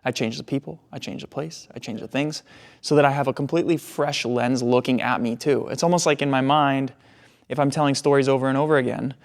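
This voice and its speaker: Quick reflective male podcast co-host. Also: mid-range voice, steady tone, creaky. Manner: reflective, speaks of his own experience. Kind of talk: casual podcast conversation.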